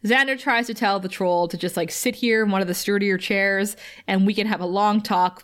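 A woman's voice: mid-range voice, moderate pace. Laughing woman recapping a show. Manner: animated, laughs often, acts out quoted lines. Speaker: podcast co-host recapping a TV episode. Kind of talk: casual recap chat.

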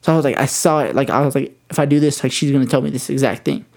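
A man's voice: mid-range voice, very fast, creaky, darkish tone. A young man in his twenties telling a rambling, swear-heavy story in casual chat.

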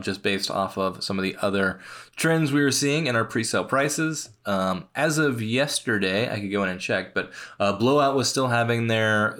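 Low-voiced joking man co-hosting. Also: fairly bright tone. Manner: dry, joking. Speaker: podcast co-host. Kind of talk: casual chat.

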